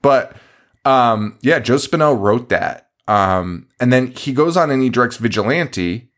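A man co-hosting a horror movie podcast in casual chat, animated, laughing often and swearing freely. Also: medium pitch, a little slow. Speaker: podcast co-host.

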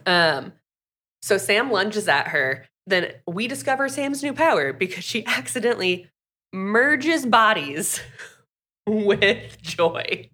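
A woman's voice: mid-range voice, very animated, takes it slowly, bright, forceful tone. A woman co-hosting a podcast, chatting casually and acting out characters' lines with lots of "like". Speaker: podcast co-host recapping a book. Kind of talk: casual chat.

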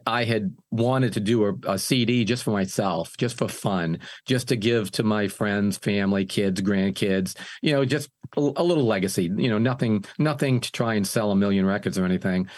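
A man's voice: lowish voice, moderate pace. Older man telling a rambling story. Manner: rambling, restarts phrases often. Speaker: singer and music producer guest. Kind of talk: casual interview storytelling.

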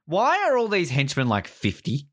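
A man's voice: a little high, moderate pace, no room sound, studio quality. A man co-hosting a podcast, chatting casually over a film, often laughing and quoting lines. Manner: animated, laughs often, quotes film lines in put-on voices. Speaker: podcast co-host. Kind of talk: casual movie commentary.

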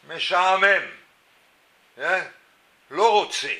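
A man's voice: slow pace, long pauses, sharp tone. A man teaching a Torah class to an audience, speaking emphatically and acting out inner voices, with Hebrew and Yiddish terms in his English. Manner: emphatic, acts out inner voices with rising and falling pitch; talks directly to the audience with asides and questions. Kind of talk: spoken Torah lecture to an audience.

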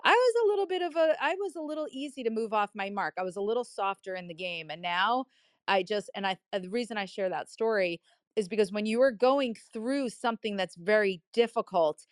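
A woman telling a personal story on a live audio chat, animated and emphatic, repeating key phrases. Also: medium pitch, a little fast, dry recording, studio quality. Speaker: guest speaker.

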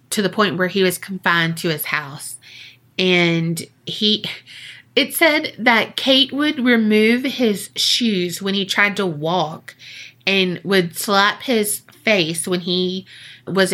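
Woman podcaster telling a spooky story, swears a lot, says like constantly, bright voice, takes her time. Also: mid-range voice. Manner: profane, joking, lots of "like". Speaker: podcast host. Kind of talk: casual storytelling chat.

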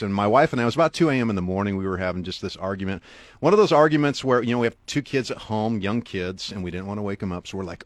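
A middle-aged man, an author and guest speaker, earnestly telling a motivational story to the listener with big swings for emphasis. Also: no echo. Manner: earnest, talks straight to the listener; wide swings in pitch and loudness for emphasis.

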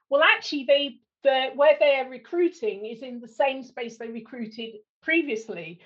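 A woman's voice: high voice, animated, normal speed, hardly any pauses, dull audio. A middle-aged woman hosting a podcast interview in a casual chat, dropping self-deprecating jokes and laughing often. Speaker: podcast host.

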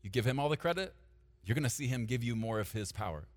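A man pastor preaching a sermon, swinging from loud emphatic declarations to quiet asides while talking straight to the congregation. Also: mid-range voice, expressive, fast talker, long reverb tail. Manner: directly addresses the congregation, asking them to take notes.

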